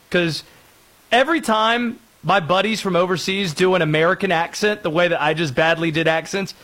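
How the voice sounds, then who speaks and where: A man hosting a sports talk radio show, joking and lively. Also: sits high. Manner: lively, animated, jokey, breaks into put-on voices.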